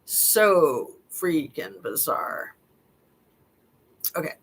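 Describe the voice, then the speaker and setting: A woman's voice: deep voice, very animated, very slow, vocal fry, background noise. A middle-aged woman reading text messages aloud and commenting on them casually, with wry, skeptical asides and frequent fillers. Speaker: true-crime commentator.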